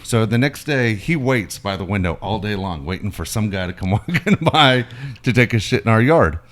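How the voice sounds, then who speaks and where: A man's voice: lowish voice, normal speed. A middle-aged man co-hosting a casual sports talk show, telling stories animatedly and swearing freely. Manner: animated storyteller, swearing freely, many restarts. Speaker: podcast co-host. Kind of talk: casual sports chat and storytelling.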